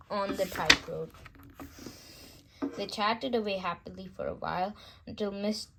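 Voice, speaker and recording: A woman reading a children's bedtime story aloud, gentle and unhurried, with small slips. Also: medium pitch.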